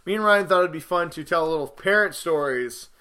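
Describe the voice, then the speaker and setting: A man in his thirties co-hosting a casual podcast, telling stories about his kids with lively retellings of their lines. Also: a little high, fairly quick, smooth. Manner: animated storyteller, acts out his kids' lines. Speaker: podcast co-host.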